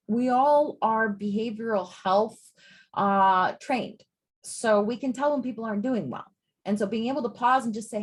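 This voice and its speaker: A woman's voice: fairly high pitch, normal speed, husky. A woman psychiatrist giving a grand rounds lecture to medical trainees. She speaks in an emphatic, conversational way and often drops in casual "like" asides. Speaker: psychiatrist and residency training director.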